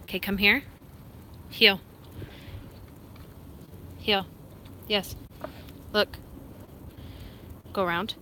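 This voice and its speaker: A woman chats on a live stream in an unhurried, bright, clear voice, laughing often and breaking off to give her excited dog short, firm commands. A faint hiss of background noise sits under her voice. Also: medium pitch. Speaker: live-stream host training and feeding her service dog. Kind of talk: casual live-stream chat.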